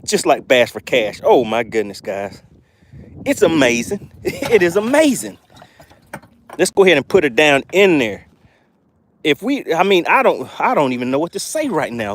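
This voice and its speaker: A man hosting a live fishing stream, exclaiming excitedly as he shows off his catch. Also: on the high side, slight background noise. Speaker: fishing livestream host.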